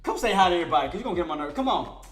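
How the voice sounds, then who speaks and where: Playful, lively-voiced man streaming live. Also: high-pitched, rapid-fire. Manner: playful, teasing, laughs often. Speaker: day-trading live streamer. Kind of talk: casual live-stream chat.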